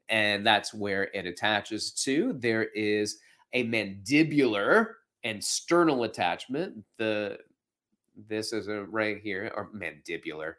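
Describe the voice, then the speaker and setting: A podcast host and fitness instructor gives a casual anatomy lesson in a folksy, chatty way. His voice is on the low side and a bit bright.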